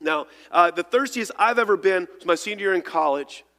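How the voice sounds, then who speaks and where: A man's voice: high-pitched, lively intonation, a little fast, long reverb tail. A man, preaching an earnest sermon in a church, often repeating and restarting words. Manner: earnest, repeats words, shifts between loud and hushed. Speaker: pastor. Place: church sanctuary.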